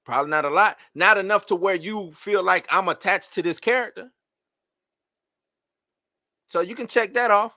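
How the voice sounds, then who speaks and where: Animated high-voiced man ranting on stream. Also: moderate pace, pauses often, dry recording, clean studio sound. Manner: animated, rhetorical questions, exasperated. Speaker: host of a live movie-news show. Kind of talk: casual live-stream commentary.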